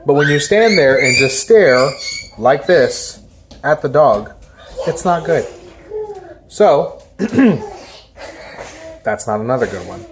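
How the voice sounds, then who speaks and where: Woman, low voice, very lively pitch, emphatic, repeats her points, service dog handler talking to camera. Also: takes it slowly, long pauses, a little hiss or hum. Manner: lively mimicry of careless strangers. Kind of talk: informal educational talk to camera. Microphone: camera in front of her.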